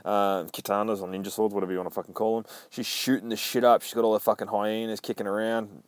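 A man's voice: fairly low pitch, level tone, fast talker, no room sound. A man recapping a comic book in casual chat, swearing constantly and acting out the characters' lines.

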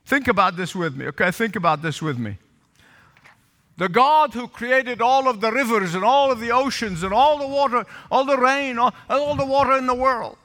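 A man's voice: very high-pitched, moderate pace, bright, forceful tone, long reverb tail. A male pastor preaching a sermon, calling for responses from the congregation and repeating lines for emphasis. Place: church sanctuary with balcony.

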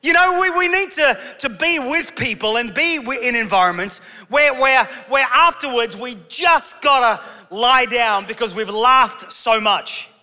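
A man's voice: extremely high pitch, a little slow, few pauses, sharp tone. A male pastor preaching a sermon to his congregation with humorous storytelling. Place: large church auditorium. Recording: long hall reverb.

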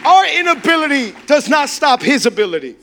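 Male pastor, very high voice, fervent delivery that climbs to shouts and drops to near-whispers, soft music underneath. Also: sing-song, a little fast, some chatter behind. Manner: impassioned preaching that swings from shouts to hushed tones. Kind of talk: sermon.

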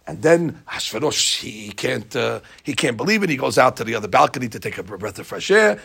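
A man giving a lively, jokey storytelling lesson as a religious teacher. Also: medium pitch, brisk, vocal fry, hardly any pauses, breathy edge. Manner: lively, jokey, acts out scenes.

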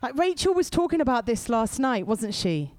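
Speaking at a youth event, a woman delivers a sermon in a chatty storytelling style, tossing quick asides to the crowd. Her fairly high, darkish voice is sing-song, rising and falling widely through every line. The recording is close and dry.

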